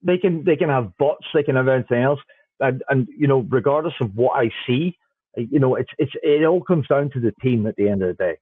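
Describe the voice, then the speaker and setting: A man's voice: mid-range voice, fairly quick, husky, dry recording. Blunt Irishman on a tinny line. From Ireland. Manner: blunt, swears freely, repeats himself. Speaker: guest, smart contract auditor. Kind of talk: casual podcast chat. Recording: dry tinny phone-like line.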